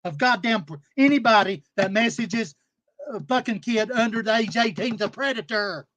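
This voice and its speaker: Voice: medium pitch, moderate pace, fairly bright tone, dry recording. A livestream panel host, ranting angrily and scolding with heavy profanity and repetition. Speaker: live stream panel host. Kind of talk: angry livestream rant.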